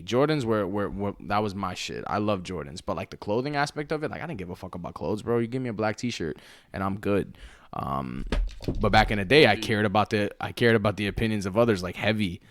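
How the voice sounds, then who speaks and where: A man's voice: fairly low pitch, dry recording, studio quality. A man in his twenties co-hosting a podcast, loose and profane and laughing often as he tells stories. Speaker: podcast co-host. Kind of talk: casual podcast banter.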